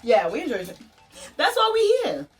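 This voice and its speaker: A woman's voice: high voice, wildly swooping pitch, normal speed, soft background music. A woman hosting a couple chat vlog, sarcastic and teasing, laughing often. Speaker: vlog host.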